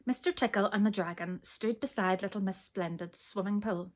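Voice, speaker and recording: A woman reading a children's storybook aloud, expressive, pausing to ask her listeners questions. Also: mid-range voice.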